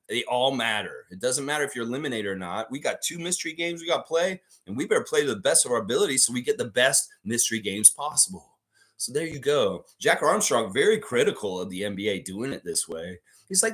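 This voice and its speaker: A man hosting a live fan sports show, ranting heatedly and swearing freely. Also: medium pitch. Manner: excitable, emphatic. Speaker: host of a fan basketball show. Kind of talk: live sports preview rant.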